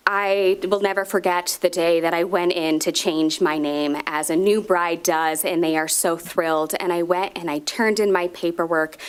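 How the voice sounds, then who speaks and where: A woman's voice: fairly low pitch, clear, resonant tone. Earnest woman telling a personal story. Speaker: parent speaking at public comment. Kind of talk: personal testimony at a public meeting. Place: school board meeting room.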